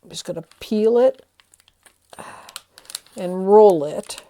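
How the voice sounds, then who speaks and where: Woman, chatty DIY vlogger, talks to herself while working, mid-pitch. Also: takes it slowly, mellow. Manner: chatty, self-talking while working, nervous. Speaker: vlogger restoring a vintage tree. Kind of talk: casual hands-on how-to narration.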